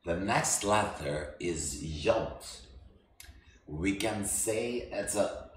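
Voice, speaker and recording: Male teacher, very slow and halting, echoey room. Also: sits low, expressive, a bit bright, slight background noise. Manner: slow, halting, with many restarts. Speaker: language teacher. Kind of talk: language lesson.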